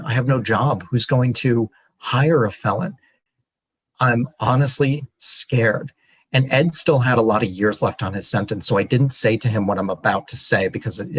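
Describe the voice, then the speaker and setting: A man, a podcast guest and author, telling his story in an earnest, animated way. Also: mid-range voice, breathy edge, low-quality recording. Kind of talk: storytelling interview.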